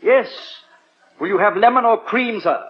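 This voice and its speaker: An actor playing a prim English butler with dry wit, speaking formally and deferentially in a radio sitcom. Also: male voice, sits high, normal speed, natural voice. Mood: polite, sly. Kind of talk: 1940s radio sitcom acting. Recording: muffled old radio recording, faint hiss.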